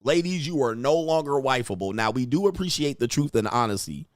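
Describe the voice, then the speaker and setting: A man's voice: mid-range voice, lively intonation, a little fast, no echo, clean studio sound. A man hosting commentary on video clips, blunt and crude, repeating himself and mimicking reactions. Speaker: host.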